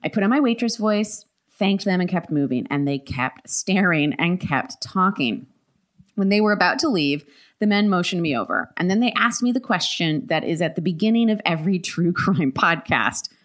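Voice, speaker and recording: A woman podcast host reading a listener's story aloud, animated, laughing often with quick asides. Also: fairly low pitch.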